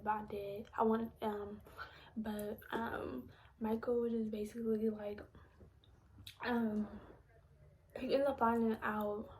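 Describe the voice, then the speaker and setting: A woman's voice: medium pitch, a little mellow, a little hiss or hum. A young woman telling a personal story to her viewers, often half-whispering and holding back tears. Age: young adult. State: close to crying. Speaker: vlogger.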